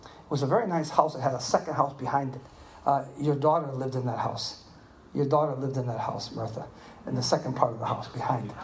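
A man in his seventies preaching a sermon, telling animated personal stories and checking in with the listeners. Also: medium pitch, fairly quick, a little hiss or hum. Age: 70s. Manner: animated storytelling, asks "Are you with me?". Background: audience responding.

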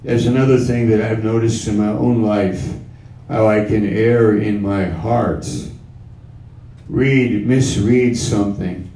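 A man preaching a sermon, slow and emphatic, repeating his key phrases. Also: fairly low pitch, steady tone, warm tone, distant mic. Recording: roomy sound from off-mic.

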